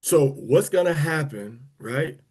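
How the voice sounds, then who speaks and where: Rambling man, mellow low-key voice. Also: expressive, slow pace, slightly rough. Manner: rambling and conversational, with many restarts. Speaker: speaker of a prayer and teaching livestream. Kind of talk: casual talk to an online audience.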